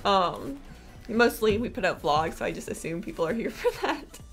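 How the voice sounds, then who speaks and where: A woman's voice: mid-range voice, animated, normal speed, soft background music. A woman hosting a livestream, chatting casually and bubbly while building a toy set. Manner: bubbly, easily amused. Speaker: livestream host.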